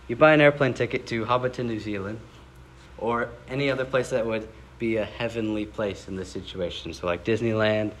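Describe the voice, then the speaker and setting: A man's voice: on the low side, rough recording. Young guy preaching, laid back and chatty, gets dramatic on the bible quotes, faint room noise behind. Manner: casual, conversational preaching with dramatic scripture readings. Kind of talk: sermon.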